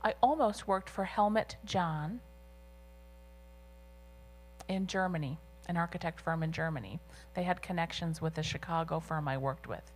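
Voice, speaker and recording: A woman interpreting a deaf guest's signed answers aloud in an interview, with a measured and slightly halting delivery. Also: lowish voice, a little hiss or hum.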